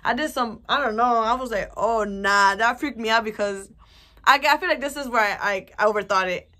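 A woman's voice: on the high side, a little fast. A young woman vlogger telling a personal story in a casual, rambling way, full of fillers and swearing. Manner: rambling, animated, swears a lot, many fillers.

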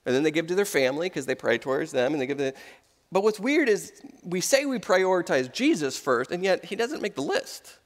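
A pastor in his thirties gives a brisk sermon in a high voice, the church auditorium lending it a big-room sound. He acts out quoted voices as he spins his stories with animation.

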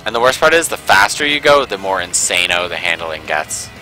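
A very deep-voiced man talks through a racing game in a loose, rambling way. His tone is bright and forceful, sarcastic, with a lot of "like" in every sentence. Faint game music plays behind him. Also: fairly quick, poor audio. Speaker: gameplay commentator. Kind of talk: casual let's-play commentary.

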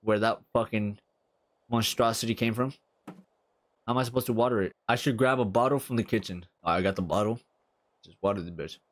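A man doing let's-play commentary on a horror game, cursing constantly and shouting at the characters on screen. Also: lowish voice, brisk, pauses often. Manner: profane, loud outbursts, talks to game characters. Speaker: gaming streamer.

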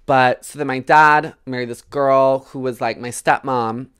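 A woman's voice: very deep voice, fairly even intonation, measured pace, fairly bright tone, smooth. A woman from Wisconsin telling a painful personal story in an interview, casual with many fillers, fighting back tears. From Wisconsin, United States.

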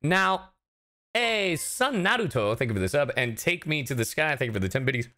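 A man chats casually with his stream audience from a home setup, reacting and joking as he goes. His pitch swings lively up and down, and his tone is bright and forceful. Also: fast talker. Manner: animated, chatty, talks to chat and laughs often. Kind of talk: casual livestream chat.

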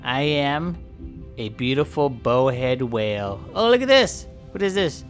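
A man's voice: medium pitch, expressive, measured pace, soft background music, natural voice. A man voicing a chatty, friendly male bowhead whale who rambles, jokes and trash-talks polar bears. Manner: rambling, joking, trash-talking. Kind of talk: playful game commentary role-play.

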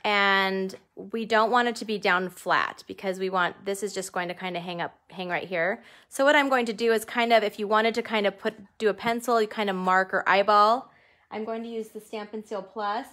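A woman's voice: mid-range voice, moderate pace, fairly bright tone. A woman leading a live stamping craft tutorial from her home craft room. She talks in a chatty way, jokes about herself and laughs often. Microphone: desk camera under studio lights.

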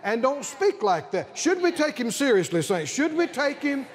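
Older southern preacher guy, high lively voice, drawls slow then shouts. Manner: calls for congregation responses, rises to shouting. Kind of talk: sermon. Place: large convention hall with congregation.

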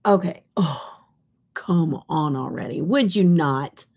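A deep, husky, darkish female voice comes at a slow pace. It belongs to a middle-aged woman from Kansas who runs a casual makeup livestream, talking in a chatty, meandering way while swatching and often lowering to whispers.

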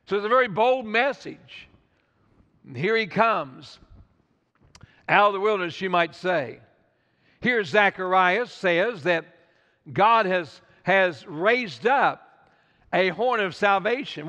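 A man's voice: high-pitched, bright, forceful tone, in a large hall. A man preaching a sermon as pastor, fervent and repetitive, appealing straight to the congregation. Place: church sanctuary.

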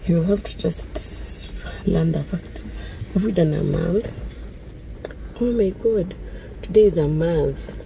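A young woman from Uganda talking casually to her phone camera in a vlog, chatty and often sliding into soft half-whispered asides. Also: lowish voice, slow, gravelly, pauses often, a little hiss or hum, low-quality recording. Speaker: vlogger.

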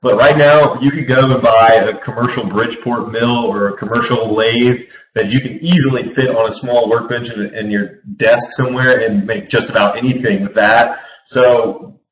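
A man's voice: medium pitch, fairly even intonation, moderate pace. A man in a casual panel discussion, chatting and explaining with hands-on examples. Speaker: panel guest. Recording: roomy, distant, lo-fi mic.

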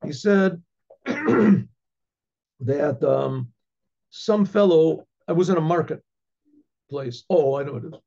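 A rabbi tells a story, rambling along with restarts and throat clearing. His voice is gravelly and husky, fairly high for a man. The recording sounds dull and lo-fi. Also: expressive, takes it slowly, pauses often, warm tone. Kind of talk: storytelling lecture.

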